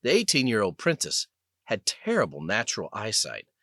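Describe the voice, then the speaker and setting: A man narrating an audiobook with an expressive, scripted delivery. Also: lowish voice, moderate pace, no echo, studio quality. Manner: expressive, lively reading.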